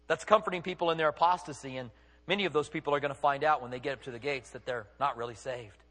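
A man's voice: medium pitch, fast, fairly bright tone. A man preaching as a pastor, emphatic, firing off rhetorical questions and acting out what people say. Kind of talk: sermon. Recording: long reverb of a large hall.

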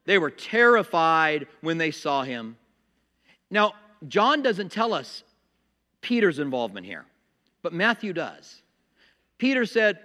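A man preaching a sermon as pastor, animated, acting out little voices and laughing at his own jokes. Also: high voice, normal speed, long reverb tail.

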